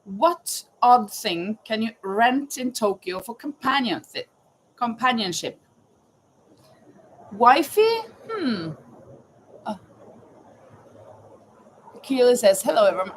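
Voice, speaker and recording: A woman's voice: fairly high pitch, sing-song, slow pace, long pauses, a little hiss or hum, rough recording. A woman hosting a casual live chat, reading trivia questions aloud and greeting viewers by name. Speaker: livestream host running a trivia quiz.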